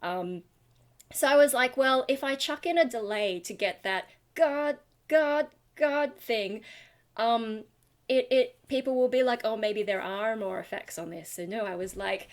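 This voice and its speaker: A young woman with a slightly high voice talks casually into a webcam at home. She sounds tired and rambles, filling her talk with ums and likes. She keeps poking fun at her own singing. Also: measured pace. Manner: rambling, self-deprecating, full of fillers. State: tired from lack of sleep. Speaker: singer and channel host. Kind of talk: casual commentary on vocal technique.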